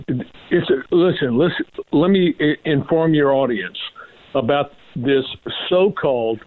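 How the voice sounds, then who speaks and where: A man's voice: on the high side, no echo. A man with a Southern US accent, a doctor guest on a radio show, talking in an emphatic, lecturing way. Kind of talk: phone-in interview. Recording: dry tinny phone line.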